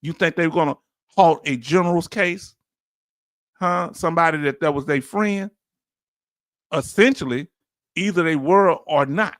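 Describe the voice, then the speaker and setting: Animated Southern man with a dry sound. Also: a little high, measured pace, pauses often, dry recording. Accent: Southern US, Louisiana. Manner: animated, preachy, rhetorical questions, chuckles. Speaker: veteran commentator, host. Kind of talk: casual commentary monologue.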